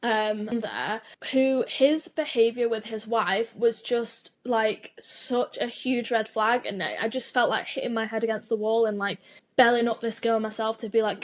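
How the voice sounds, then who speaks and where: A young woman hosting a solo podcast, ranting in a casual, animated way, swearing freely and filling her talk with "like". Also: a little high, normal speed. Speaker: podcast host.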